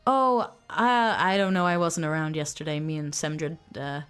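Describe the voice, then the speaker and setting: A woman's voice: deep voice, fairly even intonation, moderate pace, fairly bright tone, clear, resonant tone, faint music behind. A woman voicing a glamorous, flirtatious alien woman bartender who calls people darling in a sweet, teasing way. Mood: gossipy.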